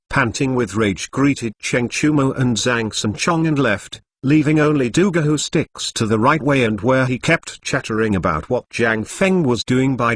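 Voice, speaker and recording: A man reading a translated novel aloud in an uneven, stilted way with odd pauses. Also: mid-range voice, slight background noise. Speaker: narrator. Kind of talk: machine-read novel narration.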